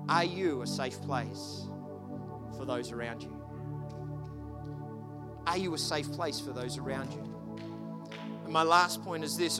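A man preaching a sermon, telling a story with lively, animated delivery and shouting at the peaks. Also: fairly high pitch. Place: church hall. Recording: long hall reverb, faint music behind.

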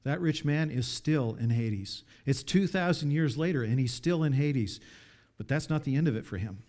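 A man preaching a sermon, reading scripture aloud and commenting, with dramatic swings from hushed pleas to loud appeals. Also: mid-range voice, expressive, normal speed.

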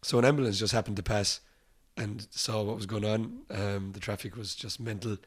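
At a normal speed and with a husky, lower voice, an Irish musician guest shares anecdotes in an interview. The telling is relaxed and animated, with acted-out voices and frequent laughs.

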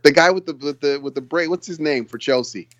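A man co-hosting a casual football podcast, talking in an excitable, rambling way and laughing often. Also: on the high side, fairly quick, dull audio. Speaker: podcast co-host. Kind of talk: casual sports chat.

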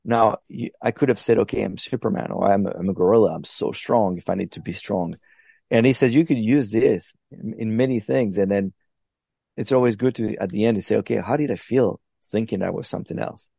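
A man's voice: fairly low pitch, a little fast, gravelly, mellow, breathy edge, no room sound. A man being interviewed on a podcast, explaining his methods in a thoughtful, step-by-step way with frequent restarts. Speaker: podcast guest, long-distance paddler. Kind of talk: reflective interview talk.

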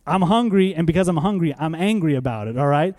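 A male preacher delivers a sermon in a church, talking fast and expressively in a voice that's a little high yet warm and mellow, with no sharpness to it. Conversational in manner, he poses questions to the congregation and answers them himself, repeating key phrases to drive them home.

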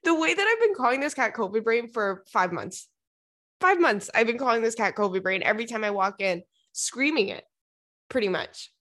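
This young woman's voice sits on the high side, expressive and a bit bright, at a normal speed. Telling funny stories to her viewers on camera, she's chatty, laughs often, swears freely, and leans on "girl" and "like".

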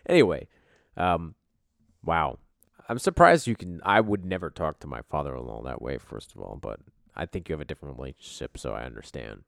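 Chill guy hosting a podcast, super deep, gravelly, dry mic. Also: big pitch swings, fairly quick, dry recording. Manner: laid-back, says "dude". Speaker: podcast host. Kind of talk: casual chat.

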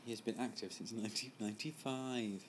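A man's voice: lowish voice, steady tone, brisk, a crowd in the background. A young man co-hosting a casual movie commentary, teasing with dry, wry asides. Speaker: podcast co-host, mentalist.

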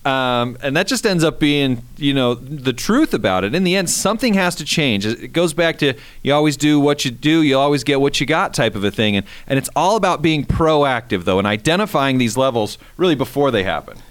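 A man's voice: mid-range voice, animated, a little fast, few pauses. A man talking casually on the radio as a trading instructor, chatty and prone to repeating words.

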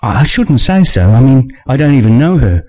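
A man voicing a shy, sweet young woman who talks in hushed, shocked whispers. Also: very deep voice, sing-song, moderate pace, voice pushed up. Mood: quiet.

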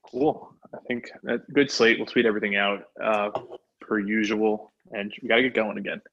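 A man co-hosting a podcast, making sports betting picks in a casual chat with a flat, subdued delivery. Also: on the low side, moderate pace, vocal fry, lo-fi sound. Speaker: podcast co-host.

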